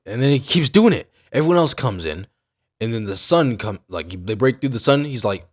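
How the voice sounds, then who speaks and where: A young man rants casually as a streamer, swearing freely. His pitch swings widely between loud excited bursts and low mumbling trail-offs. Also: moderate pace. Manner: animated, profane, trails off into mumbles. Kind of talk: casual rant about an anime.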